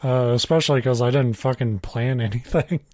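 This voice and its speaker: A man's voice: medium pitch, fairly even intonation, a little fast, darkish tone, no echo. A man co-hosting a podcast, chatting casually with dry, self-mocking humor and frequent swearing. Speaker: podcast co-host. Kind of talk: casual rambling chat.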